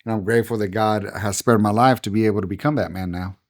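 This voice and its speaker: A man's voice: fairly low pitch, steady tone, quick pace. A middle-aged man, a pastor, telling his personal testimony as a podcast guest in an earnest, heartfelt way.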